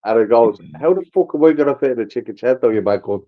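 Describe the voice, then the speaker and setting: A man's voice: mid-range voice, lively intonation, fast, lo-fi sound. An Irish man in casual chat, blunt and swearing as he retells arguments.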